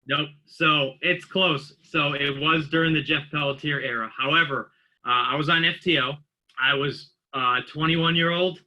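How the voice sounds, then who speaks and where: A man's voice: on the high side, fairly even intonation, normal speed, bright, forceful tone, poor audio. A man in his late thirties, a police officer guest on a podcast, telling stories casually and acting out the voices of the people in them. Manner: anecdotal, acts out quoted voices. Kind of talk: casual storytelling.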